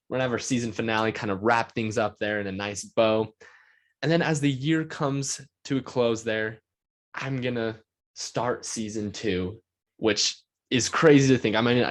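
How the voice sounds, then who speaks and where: A man hosting his own podcast alone, talking eagerly in a rambling way with lots of filler words. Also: on the low side. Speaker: podcast host. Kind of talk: solo podcast monologue.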